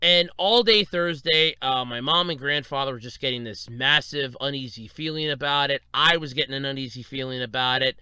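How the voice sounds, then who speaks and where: A man's voice: mid-range voice, fairly quick, hardly any pauses, clear, resonant tone, dry recording. A man hosting his own podcast, rambling through casual stories about his week and acting out what people said. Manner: rambling storyteller, animated retellings with laughs. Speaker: podcast host. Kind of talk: casual solo podcast monologue.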